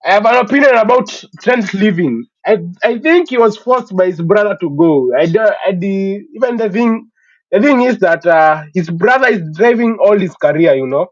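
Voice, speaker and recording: A man with a fairly high voice talks football in a casual, emphatic way, sure of his opinions and leaning on "you know" as he goes. The sound is muffled and lo-fi. It is very dry, with no room around it. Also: lively intonation, normal speed, no echo. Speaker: sports talk stream host.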